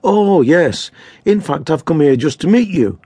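Laid-back male cat, bluffing, husky voice, lively intonation; man voicing. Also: on the high side, a little slow, no room sound, pitched above the performer's own voice. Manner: bluffing, trying to sound confident. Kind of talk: storybook character voice.

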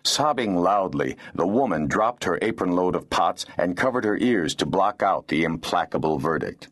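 Deep male narrator, animated delivery, for a fantasy audiobook. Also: moderate pace. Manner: expressive storytelling. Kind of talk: scripted narration.

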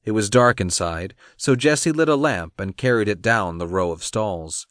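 A man narrating a romance audiobook, reading in an expressive storytelling manner. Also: fairly low pitch, moderate pace, dry recording, studio quality. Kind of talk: scripted narration.

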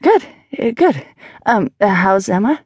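A woman voicing a flustered, awkward young woman who stammers, squeaky with embarrassment, for an audiobook. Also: very animated, measured pace, darkish tone, husky, no echo.

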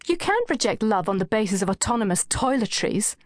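A woman's voice: mid-range voice, sing-song, a little fast, no room sound, studio quality, close to an everyday voice. Audiobook: upbeat, gloating young bride, read by a woman. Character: cheery, self-satisfied young bride-to-be. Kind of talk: audiobook character voice.

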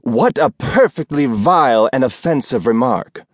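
A man's voice: medium pitch, expressive, measured pace, no echo, clean studio sound. A man voicing a faded former film star, an older woman who is grand, theatrical and fond of drink. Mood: grandiose. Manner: haughty and theatrical.

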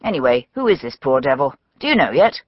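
A woman voicing a brisk, cheerful middle-aged male police surgeon, wry and matter-of-fact, for an audiobook. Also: rumbling low, sing-song, no room sound, highs cut off, pitched below the performer's own voice, full character voice.

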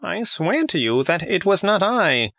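Male narrator voicing a high-pitched, squabbling old carpenter for an audiobook; dry and close. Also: big pitch swings, unhurried, fairly bright tone, dry recording, full character voice. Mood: protesting. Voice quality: high strained voice. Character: old quarrelsome male carpenter, timid, shrill.

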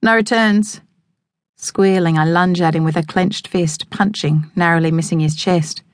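A woman reads a novel in the first person, measured and evocative. Her voice sits fairly low for a woman. The studio sound is close and dry. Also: fairly even intonation, a little mellow, dry recording. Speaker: audiobook narrator. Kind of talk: scripted first-person narration. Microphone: close studio microphone.

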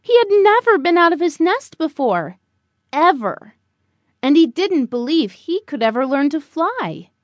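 A woman narrating a children's storybook in a slow, expressive, animated way. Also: high-pitched, dry recording, muffled recording. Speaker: audiobook narrator.

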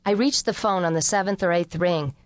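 A woman narrating an unabridged mystery audiobook in the first person, with a measured, wry storytelling delivery. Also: on the low side, dry recording, clean studio sound.

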